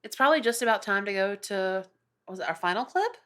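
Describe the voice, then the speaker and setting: A woman's voice: mid-range voice, lively intonation, fast, fairly bright tone. A woman from the American South with a Southern accent, co-hosting a movie podcast and chatting in a rambling way, full of restarts. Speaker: podcast co-host. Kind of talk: casual chat.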